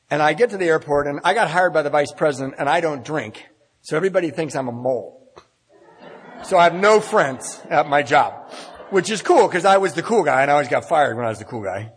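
A man tells a personal story to a live room, candid and wry, poking fun at himself. His voice is husky and sits a little high. The sound carries a long reverb from a large hall. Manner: candid, self-deprecating, wry.

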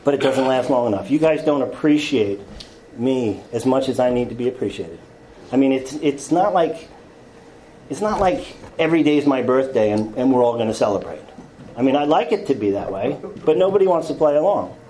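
A man telling his own life story to a group in a halting, confessional way, with frequent stammered restarts and wry self-mocking humor. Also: mid-range voice, expressive, dark tone, poor audio.

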